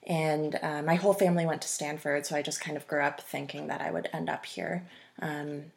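A woman in her twenties, a runner, chats casually as a podcast guest, rambling with many ums and restarts. Her voice is low and gravelly with little pitch movement, and she speaks briskly.

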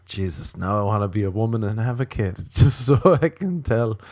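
A man's voice: fairly low pitch, expressive, moderate pace, darkish tone, dry recording. A man hosting a podcast, rambling in a crude, self-mocking comic monologue. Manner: crude, self-mocking, drifting into silly voices. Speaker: podcast host.

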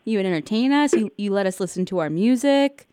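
A woman's voice: medium pitch, lively intonation, fairly quick, dark tone, clean tone, no room sound. An adult daughter talking to her father, reminiscing fondly in casual chat.

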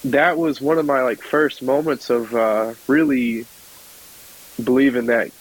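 A young man from the American South, a podcast guest telling a story in a relaxed chatty way and laughing often. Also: medium pitch, unhurried, poor audio. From South Georgia, United States. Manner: chatty, laughs often, acts out voices in his stories. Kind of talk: casual storytelling.

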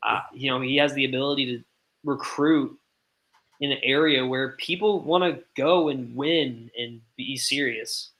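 A man's voice: mid-range voice, steady tone, a little slow, a bit bright, poor audio. A man co-hosting a sports podcast, explaining his view at length in casual chat.

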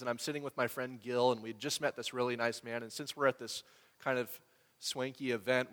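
Man preaching in a reverberant hall. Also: medium pitch. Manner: conversational storytelling, animated when quoting others. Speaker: pastor. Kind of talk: sermon.

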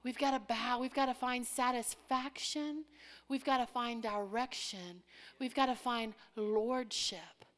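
Bright-voiced woman preaching dramatically. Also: fairly high pitch, steady tone, measured pace. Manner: dramatic, acts out prayers and child voices, drops to whispers. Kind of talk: sermon.

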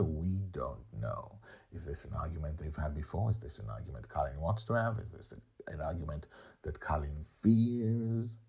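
A man's voice: sits low, vocal fry, a bit bright, breathy edge. A man reading his serialized story aloud, breaking off for chatty asides full of uhs. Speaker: storyteller and podcast host.

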